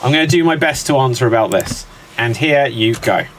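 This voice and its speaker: A man hosts a live guessing game with an upbeat, teasing delivery. His voice sits in an ordinary middle pitch. A faint hiss sits under the recording. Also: animated, a little fast, fairly bright tone, poor audio. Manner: upbeat, teasing, laughs often. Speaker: quiz host. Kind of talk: live game show hosting.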